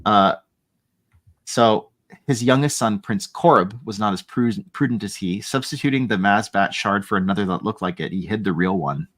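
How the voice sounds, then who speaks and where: Low-voiced man hosting a book club. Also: brisk, few pauses, a bit bright. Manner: reads passages aloud with asides and restarts. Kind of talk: casual chat reading aloud from a novel.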